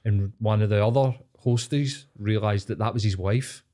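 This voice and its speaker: A man's voice: lowish voice, steady tone, moderate pace, warm tone, a little hiss or hum. A man with a Scottish accent, a podcast host chatting casually, swearing freely and rambling with lots of fillers. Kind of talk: casual chat.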